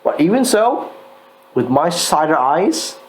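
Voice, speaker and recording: A man's voice: on the high side, sing-song, takes it slowly, a little hiss or hum, poor audio. Drunk, swearing man. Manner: loud, tipsy, swearing freely. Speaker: co-host reviewing painted miniatures. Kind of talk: casual chat.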